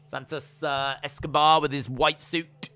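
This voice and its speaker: A man's voice: fairly high pitch, flat delivery, measured pace, pushed and bright, dry recording. A man hosting a casual wrestling watch-along stream, chatting and reading out viewer comments. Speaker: live stream host.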